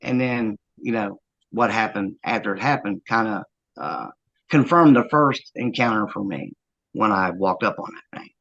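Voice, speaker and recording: A man earnestly recounting a first-hand encounter, halting often with fillers as he tells it. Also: fairly low pitch, expressive, creaky, fairly bright tone, dull audio. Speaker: eyewitness interviewee.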